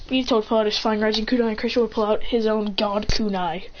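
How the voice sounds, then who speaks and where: A woman's voice: medium pitch, steady tone, fast talker. A woman telling a rambling fan-fiction story, full of asides and restarts. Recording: dull lo-fi recording with faint hiss.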